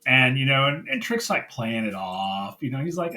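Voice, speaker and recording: A man co-hosting a casual wrestling review podcast, his voice bright and forceful. He retells backstage scenes with animated bursts and quoted lines. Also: mid-range voice, a little fast, hardly any pauses, rough recording. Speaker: podcast co-host.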